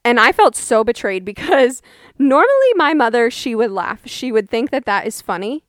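With a slightly high voice and plenty of animation, a young podcast host in her twenties tells a story at a moderate pace, chatty and wry, mimicking people in overdone voices. The audio is studio quality with no echo.

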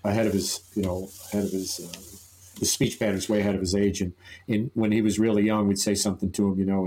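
An older man on a casual podcast, telling stories haltingly with many fillers and chuckles. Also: on the low side, level tone, mellow. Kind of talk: casual chat.

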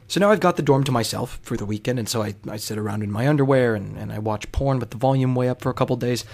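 A man's voice: medium pitch, a little mellow. A man telling a personal story in a wry, profane, conversational way.

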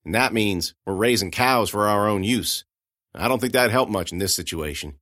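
A man's voice: on the low side, normal speed, sharp tone, no room sound, clean studio sound. A man voicing a plainspoken, stubborn but kind young farm woman who talks in a folksy, reassuring way. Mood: patient.

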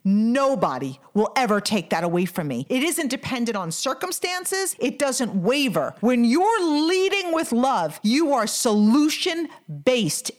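A woman's voice: fairly high pitch, sing-song, measured pace, few pauses. A middle-aged woman hosting a motivational podcast, talking with energy and firing off rhetorical questions. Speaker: podcast host.

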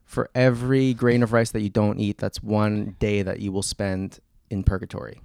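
Gravelly, hesitant man chatting casually. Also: fairly low pitch, level tone, moderate pace, darkish tone, no echo, studio quality. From Massachusetts, USA. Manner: hesitant, filler-heavy, laughs often. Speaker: podcast guest. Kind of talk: casual chat.

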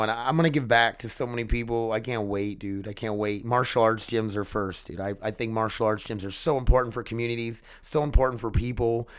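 A man chatting casually to his viewers in a rambling, excitable way, swearing freely. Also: lowish voice, clear, resonant tone. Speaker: vlogger. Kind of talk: casual chat to camera.

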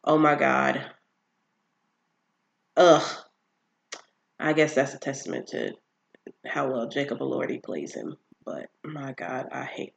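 A person casually recapping a TV series on their own channel, animated and exasperated, with emphatic asides and quick impressions of the characters. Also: medium pitch, creaky. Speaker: TV show recapper.

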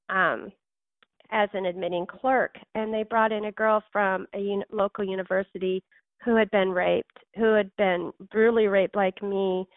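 A woman's voice: medium pitch, no room sound, narrow, tinny audio. A woman author, a guest on a podcast interview, telling her story in a heartfelt, emotional way.

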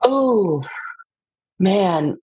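Breathy chatty woman in her forties. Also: mid-range voice, animated, drawn-out words, mellow, no room sound, low-quality recording. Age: 40s. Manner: chatty, hesitant, laughs easily. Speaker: podcast guest. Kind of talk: casual chat between sisters.

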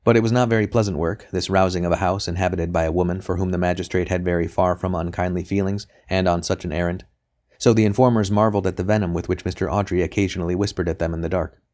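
A man narrating a novel as an audiobook in a steady, measured reading. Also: sits low. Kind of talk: scripted narration.

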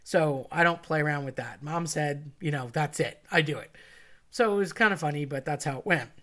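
A woman casually telling a funny personal story, chatty and animated, quoting friends and family in dialogue. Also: sits low, fairly quick. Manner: chatty and animated, quotes others in dialogue, laughs at herself.

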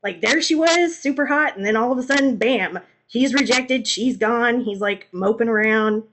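A young woman co-hosting a podcast, retelling old stories in an animated, slangy, comedic way. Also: a little high, normal speed. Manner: animated, slangy, acts out voices. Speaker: podcast co-host. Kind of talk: comedic storytelling.

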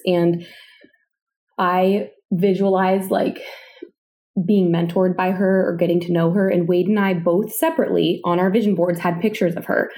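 A woman's voice: fairly low pitch, mellow. A woman co-hosting a podcast, telling stories in an enthusiastic, gushing way. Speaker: podcast co-host. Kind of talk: casual motivational podcast chat.

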